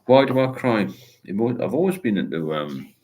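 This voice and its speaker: A man's voice: fairly low pitch, expressive, normal speed, dark tone, a little hiss or hum. An older man hosting a casual livestream, rambling as he reads viewer comments aloud and answers them with encouragement. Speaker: host of a sobriety livestream. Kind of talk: casual live chat.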